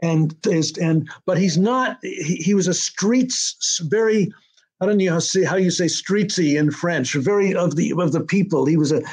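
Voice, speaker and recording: An older American man recalls events in a casual interview, his voice sitting a little high for a man. He rambles, restarting his sentences and filling pauses with "uh" and "um". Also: a little mellow, husky. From United States. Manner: rambling with many restarts and fillers. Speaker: TV writer-director being interviewed.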